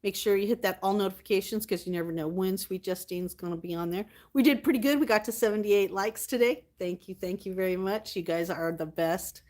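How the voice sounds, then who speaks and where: A woman's voice: medium pitch, a little fast, hardly any pauses, a little mellow. Chatty woman livestream host. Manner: chatty, reads and answers viewer comments; affectionate, thanks viewers often. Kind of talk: casual livestream chat.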